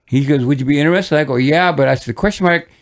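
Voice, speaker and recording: An older man from Michigan tells his stories as a guest on a podcast. He wanders, restarts his sentences and chuckles along the way. His voice sits a little high and has a gravelly, fried edge. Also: fast talker. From Michigan, USA. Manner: rambling anecdotes with many restarts and chuckles. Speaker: guest musician. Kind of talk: casual storytelling interview.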